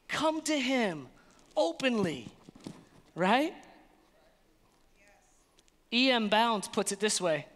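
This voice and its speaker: High-voiced animated pastor in a reverberant hall. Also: male voice. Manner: animated, playful, acts out voices. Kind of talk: energetic sermon. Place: church sanctuary.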